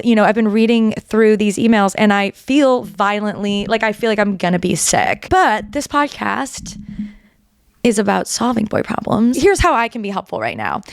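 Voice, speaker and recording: A woman hosts a casual podcast with a smooth, clear, resonant voice at an ordinary middle pitch. She rambles and interrupts herself, wry and exasperated. The sound is close and dry, with no room around it. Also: dry recording. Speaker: podcast host. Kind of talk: casual chat to camera. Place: indoors, under a blanket.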